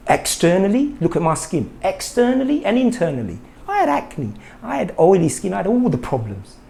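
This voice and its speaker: A middle-aged man delivers an indignant monologue to camera. His pitch swings widely as he fires off rhetorical questions and repeats points for emphasis. The talk is loose and unscripted, like a vlog rant. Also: very animated, normal speed, vocal fry, warm tone, a little hiss or hum. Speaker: health vlogger.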